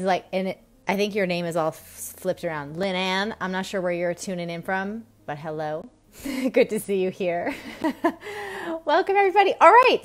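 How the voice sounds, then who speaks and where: A woman in her thirties hosting a weekly live stream, chatting casually in a bubbly, rambling way with many fillers and quick laughs. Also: medium pitch. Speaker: host of a weekly live stream on women's health.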